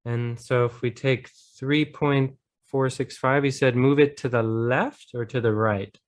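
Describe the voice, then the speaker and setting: A man's voice: mid-range voice, fairly even intonation, measured pace. A man with an American accent tutoring a student in math, patiently thinking aloud step by step and encouraging her. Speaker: math teacher. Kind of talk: online tutoring lesson.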